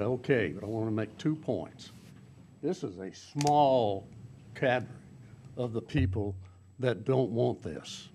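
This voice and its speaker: A man's voice: mid-range voice, darkish tone, slight background noise. A middle-aged man, giving blunt, emphatic public comment at a zoning meeting. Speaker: resident speaking at public hearing.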